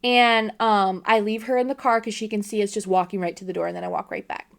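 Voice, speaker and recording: A woman's voice: mid-range voice, steady tone, fast, gravelly. A woman in her thirties co-hosting a podcast, chatting casually and swearing freely as she tells stories about her kids. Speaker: podcast co-host. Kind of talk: casual chat.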